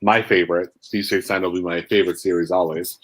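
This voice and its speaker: Low-voiced joking man. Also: fairly even intonation, fast talker, breathy edge, poor audio. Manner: joking, enthusiastic fan talk. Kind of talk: casual chat.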